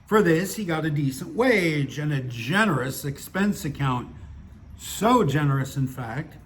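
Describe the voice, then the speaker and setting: An older man with a fairly high voice reads his own stories aloud. He keeps wandering off into chatty, self-mocking asides before he picks the thread back up. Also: expressive, a little slow, a little hiss or hum. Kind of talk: story reading with chatty asides.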